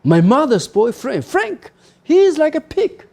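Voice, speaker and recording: A man's voice: very high-pitched, sing-song, measured pace, creaky, darkish tone, voice pushed up, full character voice. A man reading aloud the lines of an unhappy young girl from a novel, in a plaintive way. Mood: unwilling.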